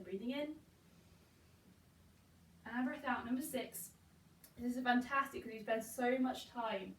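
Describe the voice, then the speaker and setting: A woman's voice: a little high, far from the mic. A young woman guiding a pilates workout, counting reps aloud in an encouraging way. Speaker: pilates instructor. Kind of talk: guided workout instruction. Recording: echoey room, voice from afar, faint hiss.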